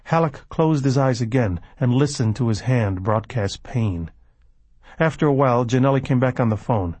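A man narrating a novel in a measured storytelling manner. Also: mid-range voice, animated, a little mellow, husky, no echo. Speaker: audiobook narrator. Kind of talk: scripted narration.

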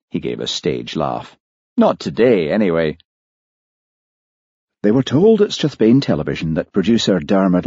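A man narrating an audiobook in a lively, expressive reading voice. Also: deep voice, slightly rough, no room sound, dull audio. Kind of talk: scripted narration.

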